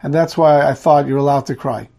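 A man's voice: a little high, fairly even intonation, fairly quick, dark tone, voice pushed down, close to an everyday voice. A man voicing a humble, pious old rebbe who speaks earnestly and pleads.

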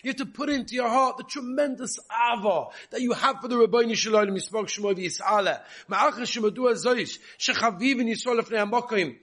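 A man's voice: very high voice, fast, hardly any pauses, fairly bright tone. A man giving a spoken Torah class, reading Hebrew texts aloud and explaining them in with frequent repetitions. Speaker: Torah teacher.

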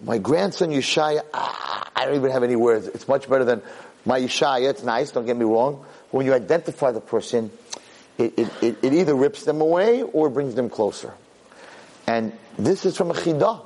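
A man teaching a Torah class, animated, jumping high when he acts out a yelling parent. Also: moderate pace. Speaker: Torah lecturer. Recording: long hall reverb.

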